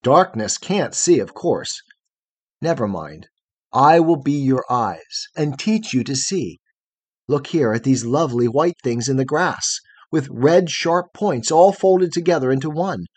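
A man reading as a gentle wondering night girl. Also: medium pitch, lively intonation, unhurried, husky, no echo. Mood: tender wonder. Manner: wondering, tender, softly earnest.

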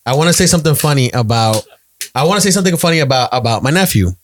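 A man telling a family story in a casual chat, animated and repeating phrases as he acts out quotes. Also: mid-range voice, rapid-fire, a little hiss or hum. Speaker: podcast guest, storyteller.

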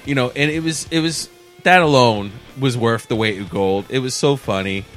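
Brief: opinionated, profane male podcast co-host, mid-pitched, casual. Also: normal speed, fairly bright tone, faint music behind. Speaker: podcast co-host reviewing wrestling. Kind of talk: casual chat.

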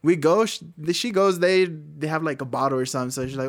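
A young man telling a story to friends, slangy and halting, often restarting his sentences. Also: a little high, fairly even intonation. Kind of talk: casual storytelling.

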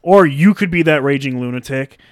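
A man's voice: mid-range voice, brisk. A man in a middle register rambles through anecdotes on a casual podcast, swearing freely and slipping into acted-out quotes. The sound is dry and close to the mic with no room echo. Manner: profane, rambling, acts out voices in anecdotes. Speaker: podcast co-host.

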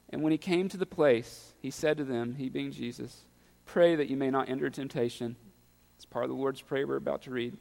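A man preaching a sermon, building to loud, impassioned peaks. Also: on the high side, creaky, long reverb tail. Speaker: pastor.

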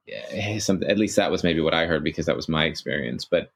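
Man, host, very low voice, gravelly fry, reflective, affirming, measured. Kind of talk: reflective conversation.

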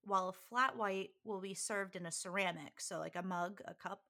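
A woman's voice: medium pitch, moderate pace, vocal fry, bright, forceful tone. A woman co-hosting a podcast, chatting and explaining things with frequent laughs. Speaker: podcast co-host. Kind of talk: casual chat.

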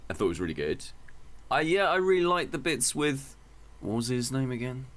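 A man's voice: mid-range voice, expressive, a little fast, fairly bright tone. A man co-hosting a casual podcast, blunt and offhand, hesitating and searching for words. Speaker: podcast co-host.

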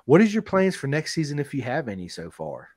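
A man's voice: medium pitch, wildly swooping pitch, brisk, a little mellow, no echo, clean studio sound. A man co-hosting a casual podcast, enthusiastic and slangy. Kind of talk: casual chat.

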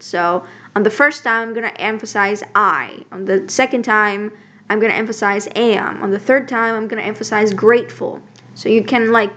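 A woman's voice: medium pitch, fairly bright tone, lo-fi sound. A young woman vlogger talking casually to camera, chatty and full of fillers and restarts. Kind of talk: casual advice talk to camera.

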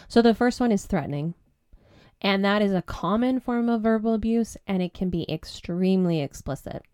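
A woman's voice: on the low side, dark tone, smooth, dry recording, studio quality. A young woman hosting a podcast, speaking earnestly and candidly, with some fillers. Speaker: podcast host and breakup coach. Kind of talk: personal podcast talk.

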